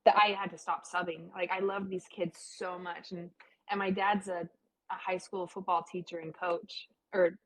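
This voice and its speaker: A young adult woman shares her cancer story as a guest in a casual interview, speaking in a chatty, heartfelt way with lots of "like" fillers. Her voice is on the low side, and the audio quality is poor.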